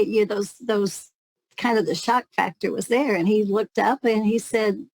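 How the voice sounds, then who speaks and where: A woman's voice: mid-range voice, steady tone, moderate pace, creaky, darkish tone, breathy edge, rough recording. A woman telling a candid, reflective story as an interview guest, now and then laughing lightly. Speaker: guest, network marketing leader.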